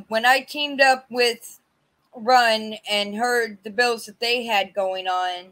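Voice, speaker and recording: A woman testifying about her own past on a virtual panel, speaking haltingly with many fillers and restarts over a video call. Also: medium pitch, a bit bright, rough recording. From California. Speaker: community advocate sharing her story.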